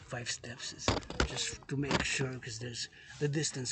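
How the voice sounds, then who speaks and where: A man's voice: mid-range voice, level tone, a little slow, very noisy. A man vlogging outdoors in a public place, talking emphatically and repeating phrases again and again. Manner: repetitive, emphatic, loops phrases over and over. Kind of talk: outdoor monologue vlog.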